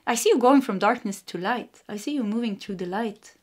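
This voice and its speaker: A woman with a Swedish accent giving a casual spiritual tarot reading, meandering and giggly, gently reassuring. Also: a little high, fairly quick. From Sweden. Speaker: tarot card reader.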